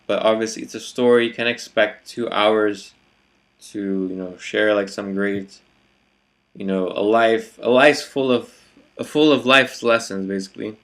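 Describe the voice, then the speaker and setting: A man's voice: fairly low pitch, a bit bright. A man vlogging his reflections in a hesitant, casual monologue, full of fillers and restarts.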